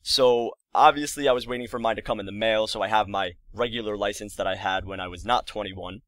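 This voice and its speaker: A man in his early twenties telling a story to his viewers in a casual, exasperated and rambling way, full of quick asides. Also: on the low side, steady tone, fairly bright tone, no echo. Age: early 20s. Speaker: vlogger.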